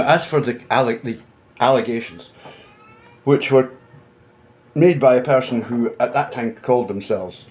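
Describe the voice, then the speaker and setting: A man's voice: mid-range voice, darkish tone, poor audio. A man talking casually to camera, blunt and combative, swearing freely and speaking from indoors at home. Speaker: commentator.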